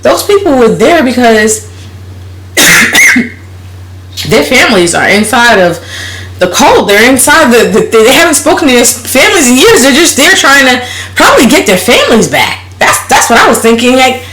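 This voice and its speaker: A woman's voice: fairly high pitch, big pitch swings, moderate pace, a bit bright, slight background noise. Woman, casual vlogger, blunt and profane storyteller, echoey room. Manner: blunt, profane, laughs while telling.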